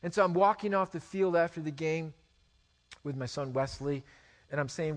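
High-ish guy preaching, 40s, lots of rhetorical questions and restarts. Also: moderate pace. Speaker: pastor. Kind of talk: sermon.

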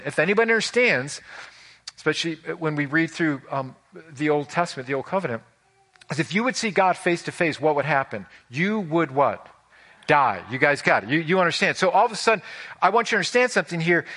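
Male pastor, lively sermon, a bit higher-pitched, keeps quizzing the church. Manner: animated, asks the congregation questions.

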